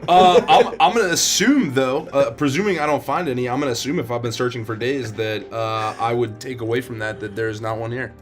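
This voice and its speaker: A man's voice: mid-range voice, fairly quick, hardly any pauses, over music. A man playing a tabletop game, chatty and hesitant, playful. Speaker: player. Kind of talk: casual tabletop play.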